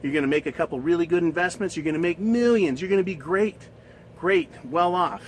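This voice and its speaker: A man's voice: on the high side, brisk, slight background noise, lightly acted. A man voicing a smug male genie who grandly grants wishes. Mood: showy. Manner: grand, showy.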